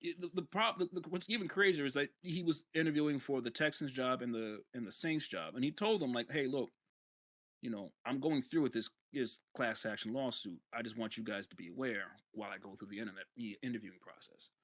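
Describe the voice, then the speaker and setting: A man from New York co-hosts a podcast, talking loosely and often restarting his thoughts. His voice is mid-pitched and bright. The recording is dry with no room sound. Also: fairly quick, no echo. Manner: rambling, restarts sentences. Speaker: podcast co-host. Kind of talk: casual chat.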